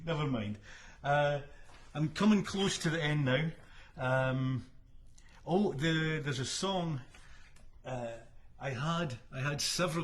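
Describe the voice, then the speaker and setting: There's slight background noise as a mid-range-voiced man from Scotland, suffering from hay fever, talks between songs on a livestream he hosts from his Florida home. The singer and musician rambles, frequently chuckles and lets sentences fade out with ums.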